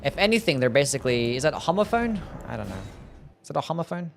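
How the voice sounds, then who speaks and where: A man's voice: a little high, big pitch swings, fast talker, creaky, faint music behind. Joking Australian streamer guy. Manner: joking, swears freely, teases his chat. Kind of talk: casual gaming livestream chat.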